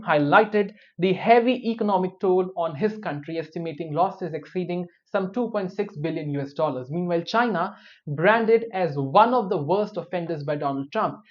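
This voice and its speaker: A man giving news commentary, dropping wry, opinionated personal asides between the reports. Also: high voice. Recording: dull lo-fi recording.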